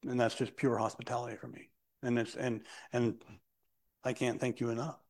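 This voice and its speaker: Halting, earnest man in a church discussion. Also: mid-range voice, flat delivery, a little mellow. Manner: halting, repeats words, sincere. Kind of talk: casual heartfelt discussion. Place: church meeting room.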